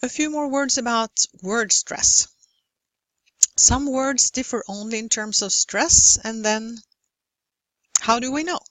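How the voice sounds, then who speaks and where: A woman giving a university lecture on English pronunciation, slow and deliberate as she demonstrates stress and rhythm. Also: on the high side, a bit bright, dry recording, rough recording.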